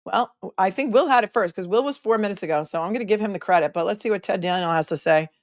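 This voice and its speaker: A woman's voice: medium pitch, quick pace, no echo, clean studio sound. A middle-aged woman hosting a casual live stream, reading viewer comments aloud with snarky asides and many hesitant fillers. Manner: snarky, chatty, frequent hesitations.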